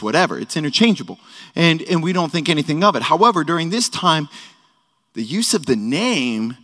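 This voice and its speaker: A man's voice: a little high, a bit bright. Man preaching casually in an echoey hall. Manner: casual and joking, with lots of "like" asides. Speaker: teacher at a worship service. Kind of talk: conversational sermon teaching. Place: worship hall.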